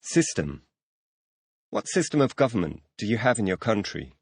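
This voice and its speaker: A man's voice: on the low side, sing-song, moderate pace, breathy edge, no room sound. A man reading the teacher's questions in a scripted audio language lesson, announcing new words between questions.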